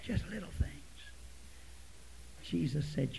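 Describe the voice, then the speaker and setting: A male preacher giving a folksy sermon, dropping to near-whispers and then rising to loud, forceful preaching. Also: sits high, animated, moderate pace, pauses often, husky, poor audio. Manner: folksy storytelling.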